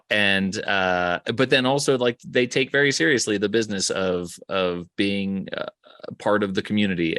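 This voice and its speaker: A man with a very low voice co-hosts a podcast, speaking slowly and thoughtfully with many pauses. The sound is dry and close to the mic. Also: fairly bright tone, no echo. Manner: thoughtful, halting, many fillers. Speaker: podcast co-host. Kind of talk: casual chat.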